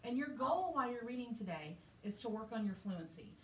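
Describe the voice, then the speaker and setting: A woman teacher walks a small group through a reading lesson, encouraging and asking questions. Her voice sits at a middle pitch and comes from a distance. The classroom adds a roomy echo with faint background noise. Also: lively intonation, brisk. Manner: encouraging, patient, asks questions. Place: school classroom. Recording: echoey classroom from far off.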